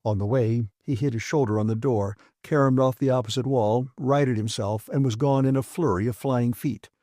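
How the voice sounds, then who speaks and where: A man reading a classic science fiction audiobook with brisk, vivid storytelling. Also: medium pitch, warm tone, no echo, clean studio sound. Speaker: audiobook narrator. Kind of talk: scripted narration.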